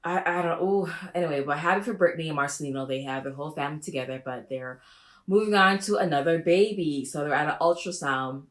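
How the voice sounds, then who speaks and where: A woman vlogger giving a casual, gossipy reaction to a show, profane and opinionated. Her low voice jumps up sharply whenever she gets excited. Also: fast talker. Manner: animated, with big pitch jumps. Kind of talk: reaction video commentary.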